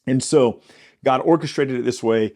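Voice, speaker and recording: A man's voice: mid-range voice, normal speed, a little mellow. A man teaching the Bible on a casual podcast. He talks conversationally and often corrects himself mid-sentence.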